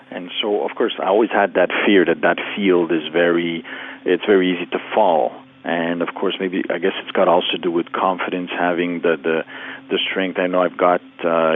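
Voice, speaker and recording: Male caller from Canada, very deep voice, tinny phone line, hesitant. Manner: hesitant, halting, many restarts. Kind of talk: phone-in question.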